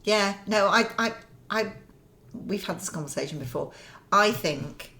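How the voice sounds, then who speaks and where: A woman co-hosting a casual chat podcast, animated and laughing, often stammering as she starts her sentences. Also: medium pitch, unhurried, a little hiss or hum. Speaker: podcast co-host.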